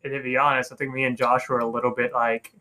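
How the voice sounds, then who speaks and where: A man with a bright, lively tone chats casually on a podcast. He teases his friends, acts out little quoted exchanges and swears without a second thought. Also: medium pitch, fast. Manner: teasing, swears freely, tells stories with quoted dialogue. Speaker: podcast co-host. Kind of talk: casual chat.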